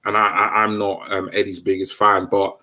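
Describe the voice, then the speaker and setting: A man's voice: on the low side, little pitch movement, normal speed, sharp tone. A man co-hosting a casual football chat, thoughtful and a bit hesitant as he gives his views. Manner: thoughtful, hesitant, many fillers and restarts. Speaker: co-host.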